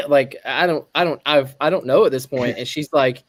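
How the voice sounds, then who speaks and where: A man's voice: on the high side, expressive, a little fast, hardly any pauses, fairly bright tone, no echo. A man co-hosting a casual podcast, telling stories and acting out the exchanges with lots of laughter. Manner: storytelling, acts out quoted exchanges, laughs often. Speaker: podcast co-host. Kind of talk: casual group podcast chat.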